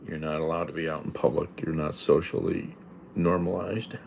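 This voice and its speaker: A man's voice: deep voice, flat delivery, normal speed, vocal fry, a little mellow, slight background noise. A man livestreaming from home, rambling casually and talking back bluntly to viewer comments. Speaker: livestreamer reading chat. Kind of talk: casual live-stream chat.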